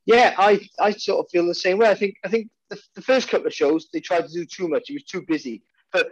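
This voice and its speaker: A man's voice: high-pitched, fast, no echo, highs cut off. A man with a Welsh accent, a boxing commentator chatting casually and restarting his sentences often. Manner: rambling, many restarts and repeated words. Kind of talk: casual podcast chat.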